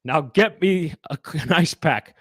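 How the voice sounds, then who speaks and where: A man voicing a flustered, lecherous old male Santa who drawls slowly and booms out ho-hos. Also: lively intonation, dry recording.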